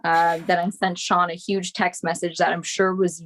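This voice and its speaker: A woman co-director hosting a casual group video chat, telling a lively story with lots of "like" and acted-out reactions. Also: lowish voice, normal speed, soft background music. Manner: chatty storyteller, many "like"s, acts out her reactions. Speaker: co-director and host.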